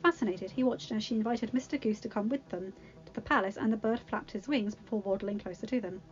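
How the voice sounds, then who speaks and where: A woman's voice: medium pitch, fast talker, dull audio. A woman reading a fan-written story aloud, narrating plainly and sometimes correcting herself. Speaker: reader.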